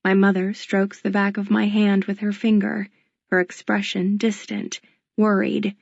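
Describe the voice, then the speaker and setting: A woman's voice: mid-range voice, completely flat delivery, unhurried, gravelly, darkish tone, no room sound. Woman, audiobook narration, first person, introspective, dry close sound, dull lo-fi recording.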